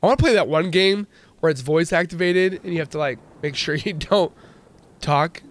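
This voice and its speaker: Excitable man doing game commentary. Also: on the high side, moderate pace. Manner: excitable, jokey, exclaims and laughs often. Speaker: gaming channel host. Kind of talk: let's play commentary.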